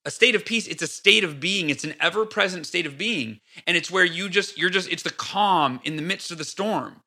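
High, bright-voiced animated man. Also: normal speed. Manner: animated storyteller, acts out his own outbursts. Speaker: podcast guest. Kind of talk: casual interview talk.

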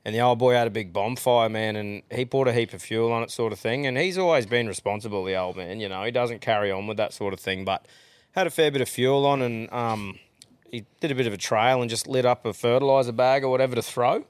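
A man's voice: medium pitch, fast, smooth, no echo. A man with an Australian accent hosting a casual podcast chat, blokey and swearing freely. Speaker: podcast host.

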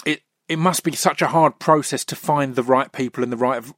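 A man's voice: medium pitch, brisk, fairly bright tone, no echo, studio quality. A man interviewing a guest in a chatty, enthusiastic way, often agreeing. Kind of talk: interview conversation.

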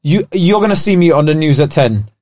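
A man's voice: fairly high pitch, animated, a little fast, a little mellow. A man in casual chat as a podcast co-host, emphatic and swearing freely.

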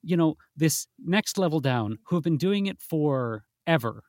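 A man's voice: on the high side, expressive, a little slow, darkish tone, no room sound, studio quality. A man in casual podcast chat, telling a story with many asides and restarts, in a self-deprecating way. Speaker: podcast co-host.

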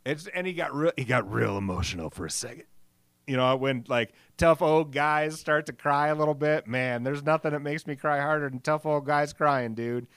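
A man's voice: on the high side, fairly even intonation, normal speed, hardly any pauses, fairly bright tone, clean tone, dry recording. A middle-aged man hosting a solo podcast, rambling casually, swearing freely and joking about himself. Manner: rambling, profane, self-deprecating. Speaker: podcast host.

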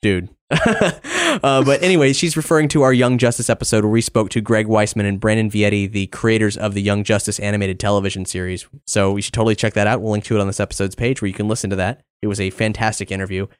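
A man's voice: on the low side, fairly even intonation, fast, few pauses, clear, resonant tone. Upbeat man hosting a podcast. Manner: upbeat, reads out supporter names and messages. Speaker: podcast host. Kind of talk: casual podcast announcements.

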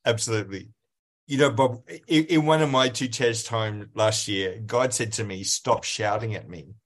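A man hosting an interview podcast, telling a story in an animated way. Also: mid-range voice, normal speed. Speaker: podcast host. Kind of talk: casual interview talk.

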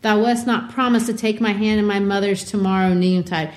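A woman's voice: medium pitch, steady tone, brisk, natural voice. A woman voicing a bold, mocking little girl who speaks in archaic words. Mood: defiant. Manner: defiant, archaic speech.

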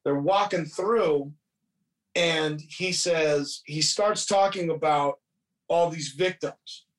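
A man's voice: fairly high pitch, takes it slowly, distant mic. A man casually retelling a movie plot, profane and rambling, quoting characters as he goes. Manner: profane, rambling storytelling with quoted voices. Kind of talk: casual movie recap chat.

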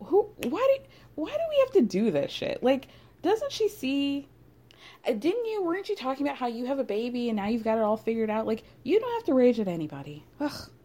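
A woman's voice: high-pitched, wildly swooping pitch, a little fast, warm tone. A young woman casually recapping a reality TV episode with chatty, sarcastic asides.

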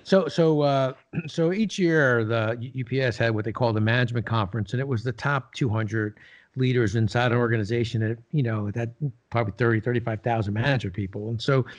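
Older male guest, animated storyteller, mid pitch, lo-fi podcast sound. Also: a little fast. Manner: animated storyteller, acts out quoted dialogue. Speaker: podcast guest, business leader. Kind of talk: casual interview storytelling. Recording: slightly dull lo-fi sound.

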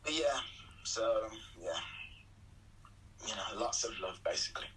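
A young man in a relaxed, rambling chat, talking earnestly and affectionately to the woman beside him. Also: fairly low pitch, a little slow, a little hiss or hum, rough recording. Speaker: co-host of a video chat. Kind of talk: casual chat.

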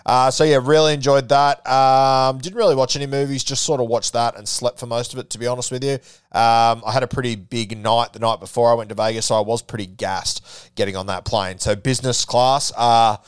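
A man's voice: mid-range voice, fairly even intonation, a little fast, clean tone, no room sound, clean studio sound. A young Australian man telling a casual audio diary, chatty and swearing freely as he spins stories. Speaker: podcast host.

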